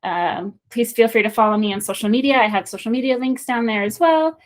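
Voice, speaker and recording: A woman giving a recorded lesson on sport psychology, explaining ideas in a friendly, reflective way with small pauses. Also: fairly high pitch.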